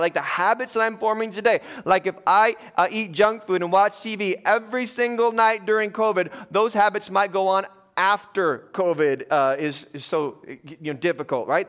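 A pastor with a high-pitched, fairly bright voice preaches a conversational sermon, telling funny stories to his congregation like a joking storyteller.

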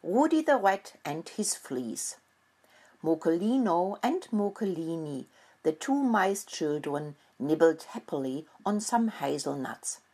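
Slow, husky woman reading a children's story. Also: on the low side, very animated, darkish tone.

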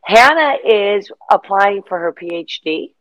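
A middle-aged woman as an interview guest, telling rambling, animated stories in casual chat. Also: medium pitch, measured pace, lo-fi sound.

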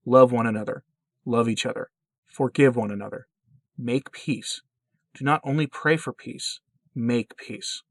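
A man voicing a gentle, patient, motherly heavenly woman who speaks in calm, pleading exhortations. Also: medium pitch, unhurried, no room sound. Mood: gently pleading.

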